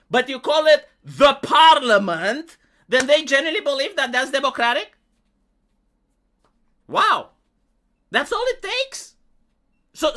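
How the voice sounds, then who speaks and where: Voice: high voice, bright, forceful tone. A live streamer from Romania, ranting in sarcastic, heated and profane commentary.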